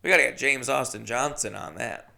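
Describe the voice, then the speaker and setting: A man's voice: medium pitch, brisk, vocal fry, pushed and bright. A man hosting a solo podcast, rambling casually with chatty, self-mocking asides. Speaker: podcast host.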